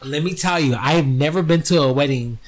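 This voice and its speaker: Animated, profane storytelling man. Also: on the high side, fairly quick. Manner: profane, animated storyteller acting out quoted voices. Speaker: podcast co-host. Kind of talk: casual storytelling chat.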